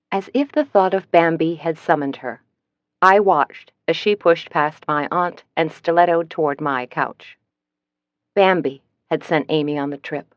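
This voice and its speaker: A woman narrating a first-person mystery audiobook in a measured, even storytelling manner. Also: low voice, no echo, muffled recording.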